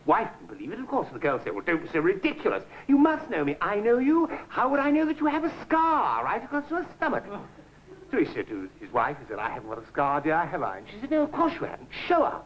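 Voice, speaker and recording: A jaunty cad. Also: male voice, sits high, wildly swooping pitch, fast talker, poor audio. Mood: breezy, scheming. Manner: clipped, jaunty, chummy patter. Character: caddish middle-aged English ladies' man, breezy schemer. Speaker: comic lead. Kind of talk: 1960s studio sitcom acting. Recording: hissy old TV soundtrack.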